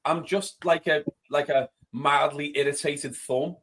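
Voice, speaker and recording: A man's voice: a little high, fairly even intonation, measured pace, fairly bright tone. A man telling a self-deprecating story in casual chat as a podcast panelist.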